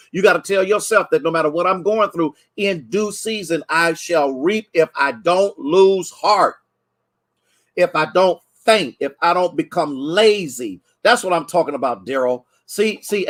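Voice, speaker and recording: Preaching man with a higher voice. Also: a bit bright. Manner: preachy call-and-response, greets online viewers by name; repeats phrases for emphasis. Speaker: pastor. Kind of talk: livestreamed sermon teaching.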